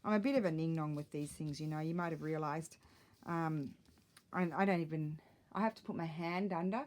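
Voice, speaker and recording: A woman's voice: low voice, fairly quick, a little mellow. A middle-aged woman, chatting while she crafts, rambling and self-deprecating, a little out of breath, recorded on a tablet at home. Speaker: crafting vlogger. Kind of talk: casual chat while crafting. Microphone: tablet camera mic.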